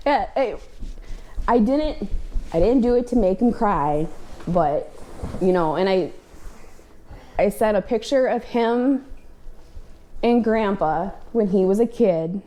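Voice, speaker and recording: Chatty young woman with a mellow voice. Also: medium pitch, expressive, takes it slowly, long pauses. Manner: chatty, full of fillers. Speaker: vlog guest, the host's sister. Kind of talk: casual chat. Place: indoors in a family house.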